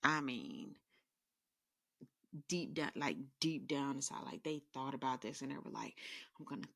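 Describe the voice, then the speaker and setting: A woman's voice: rumbling low, measured pace, gravelly, no room sound, clean studio sound. A woman podcast host telling sassy, rambling comedic stories in a casual monologue. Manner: animated, rambling, sassy storytelling.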